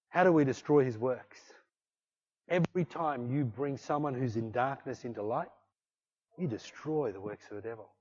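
A man preaching a sermon, exhorting with repeated refrains and swinging between loud bursts and hushed passages. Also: mid-range voice, moderate pace, lo-fi sound. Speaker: pastor.

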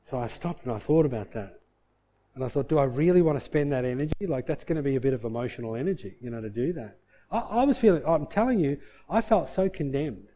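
Soft-to-loud preaching man, mellow voice. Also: muffled recording. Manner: conversational, swings from soft and low to loud and emphatic. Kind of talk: sermon with personal testimony.

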